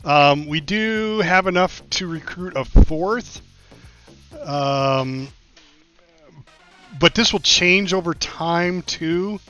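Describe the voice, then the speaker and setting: A man's voice: sits high, drawn-out words, pauses often, bright, forceful tone. A man casually commenting on a strategy game as he plays, thinking aloud with many fillers. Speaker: gameplay streamer. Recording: slightly dull lo-fi mic with faint music.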